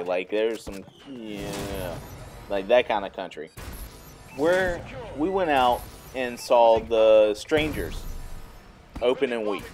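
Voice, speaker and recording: A man's voice: medium pitch, a little mellow. A young man vlogging, telling a funny personal story in a rambling, casual way with lots of fillers. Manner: rambling, filler-heavy, laughs while telling stories.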